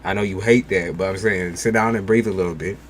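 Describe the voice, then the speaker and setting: Blunt male tarot reader, low voice, faint background hiss. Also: fairly even intonation, fast. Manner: blunt, casual, reassuring. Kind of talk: live-stream tarot reading.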